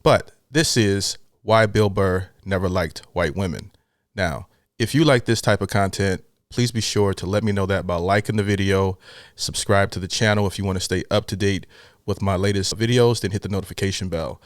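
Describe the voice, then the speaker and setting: A man hosts a reaction video in casual, hyped-up commentary. His voice sits slightly low. The recording is dry and close. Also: normal speed, no room sound. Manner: hyped, chatty.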